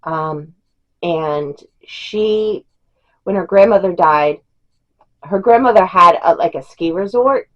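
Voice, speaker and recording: A woman's voice: on the low side, slow pace, highs cut off. A middle-aged woman chatting casually as a book reviewer, rambling with fillers and small laughs. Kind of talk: casual chat.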